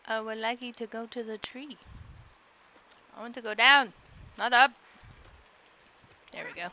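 A woman's voice: a little high, measured pace, long pauses, pushed and bright. A young woman casually streaming a video game, playful and silly, chattering along and making sound effects. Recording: slightly dull lo-fi sound with faint noise.

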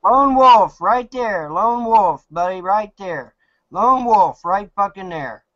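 A man's voice: high-pitched, lively intonation, takes it slowly, pushed and bright, dry recording. A man from Kentucky in a heated online argument, angry and accusing, repeating himself. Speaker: chat room participant. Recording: dull dry lo-fi internet audio.

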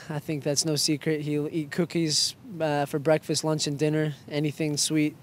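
A young man, a soccer player, answering quick-fire interview questions in a playful, joking way. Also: fairly high pitch, monotone, slight background noise. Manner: playful, joking, self-mocking.

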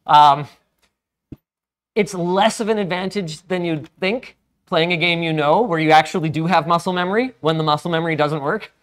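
A man's voice: fairly high pitch, normal speed. A man from Canada in a casual gaming chat, matter-of-factly explaining tech and correcting his friend. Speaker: guest streamer.

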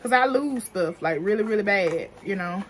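A young woman vlogger talks makeup in African American Vernacular English, her medium-pitched voice lively in intonation and her speed normal. Chatty, profane and slang-heavy, she laughs a lot during the casual review. Slight background noise is present.

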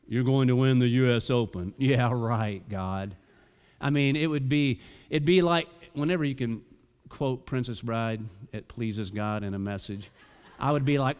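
A man preaching a sermon as pastor, telling a funny personal story in a lively, playful way and acting out the lines he quotes. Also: mid-range voice, clean tone. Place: church sanctuary. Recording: church hall reverb.

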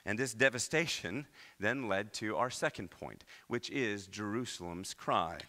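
A man from Iowa preaching a sermon as pastor, with animated delivery and many rhetorical questions. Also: fairly low pitch, unhurried. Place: church.

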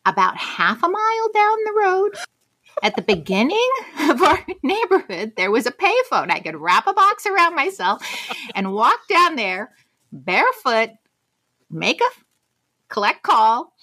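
A woman's voice: sits high, wildly swooping pitch, unhurried, pushed and bright. A middle-aged woman telling a personal anecdote as a guest, acting out the quoted lines expressively. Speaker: guest storyteller.

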